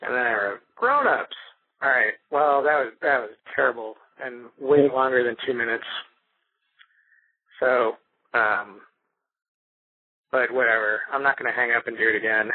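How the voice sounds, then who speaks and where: A man's voice: mid-range voice, steady tone, moderate pace, pauses often, no room sound. A man leaving a rambling phone message, correcting himself as he goes. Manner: digressive, self-correcting. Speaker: caller reviewing a movie. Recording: tinny phone line.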